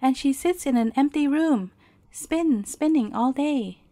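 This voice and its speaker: A woman's voice: high-pitched, lively intonation, a little slow, dark tone, dry recording, studio quality. A woman voicing an earnest little princess. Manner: pleading, indignant. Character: young princess girl, earnest and easily hurt.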